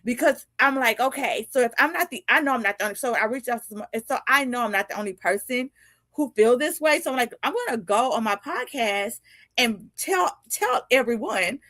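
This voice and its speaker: A woman's voice: on the high side, fairly bright tone, no room sound. A woman in her fifties hosting a casual live video chat as a podcast host and coach. She talks animatedly, laughs often and acts out little dialogues. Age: 50s.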